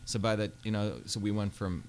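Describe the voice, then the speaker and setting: Guest spot: man in his 50s, deep-ish voice, earnest storyteller, faint background hiss. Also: steady tone, brisk. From India. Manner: earnest, fluent storytelling with frequent fillers. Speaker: Senate candidate, guest. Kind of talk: radio interview. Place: radio studio.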